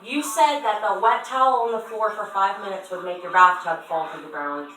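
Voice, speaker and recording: A woman's voice: medium pitch, moderate pace, music in the background. A young woman arguing with her mother on the phone, pleading and tearful as she tries to explain herself. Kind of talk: emotional phone argument. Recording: echoey room, voice from far off, faint noise.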